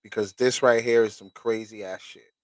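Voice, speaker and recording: A man's voice: on the low side, steady tone, moderate pace, dry recording. A man hosting a show, reading documents aloud and stopping to react with casual, profane commentary. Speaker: host.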